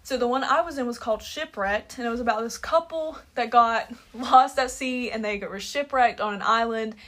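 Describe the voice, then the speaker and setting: Young woman podcast host, highish voice, chatty and giggly. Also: normal speed. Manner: animated, laughs often. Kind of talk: casual chat.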